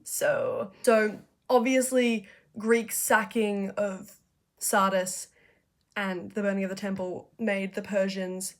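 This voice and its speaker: A young woman casually retelling history in a slangy, profane, chatty way, hosting a video essay. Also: mid-range voice. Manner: profane, chatty, acts out figures in quick asides.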